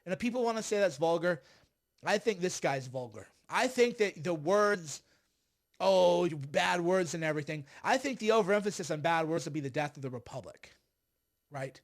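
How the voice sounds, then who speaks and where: A man riffing through a livestream of political commentary. His voice sits noticeably high, and he keeps circling back in a heated, sarcastic ramble. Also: expressive, a little fast. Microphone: streaming setup.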